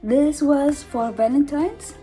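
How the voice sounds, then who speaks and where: Woman, 20s, home makeup vlogger; warm, mellow voice, giggly and breathless; faint music in the background. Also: high-pitched, slow pace. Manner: chatty, giggly, self-mocking. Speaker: beauty vlogger. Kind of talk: casual makeup haul chat. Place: at home in her mother's house. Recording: home vlog with background noise.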